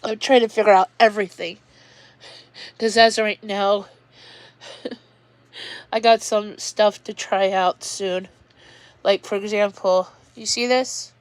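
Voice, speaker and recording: A woman's voice: mid-range voice, fairly even intonation, slow pace, long pauses, dry recording. A woman livestreaming from home, talking in a rambling, upset way and often restarting her sentences. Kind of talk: emotional personal livestream monologue.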